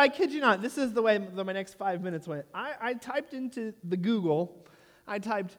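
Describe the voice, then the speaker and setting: A man's voice: high-pitched, normal speed. Jokey male pastor in an echoing hall. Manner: animated, jokey storyteller who asks the room "right?". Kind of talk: sermon with personal storytelling. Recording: long reverb of a large hall.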